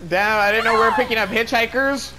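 A man hosting a casual gameplay session, swearing, laughing and shouting in panic. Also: very high-pitched, steady tone, fast talker, music in the background, low-quality recording. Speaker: gaming channel host.

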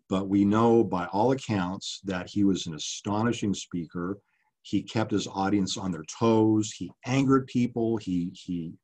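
Middle-aged male author at a lectern, low and husky, earnest and impassioned, filler-heavy delivery. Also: darkish tone. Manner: earnest, impassioned, many ums and uhs. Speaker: author giving a public talk. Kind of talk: public lecture with slides.

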